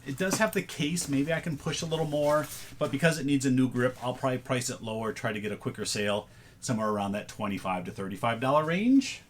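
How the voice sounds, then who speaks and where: A man's voice: medium pitch, fast, slight background noise. A man casually chatting through a thrift haul, thinking aloud as he sorts items. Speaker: reseller showing a thrift haul. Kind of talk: casual vlog chat.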